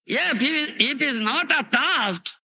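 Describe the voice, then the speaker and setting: A man's voice: very high voice, normal speed. A man with an Indian English accent lecturing on scripture in a 1992 recording, telling stories with lots of animation and checking often with his listeners by asking whether they understand. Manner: animated storytelling, frequent "you understand?" and "huh?" checks. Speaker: spiritual teacher. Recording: dry close 1990s tape.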